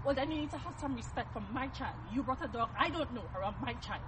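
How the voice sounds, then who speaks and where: A woman's voice: high voice, lively intonation, quick pace. A woman in a heated sidewalk argument, insistent and repeating herself, filmed on a phone outdoors. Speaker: mother in a street dispute. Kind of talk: heated confrontation. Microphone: phone camera. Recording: distant phone video with street noise.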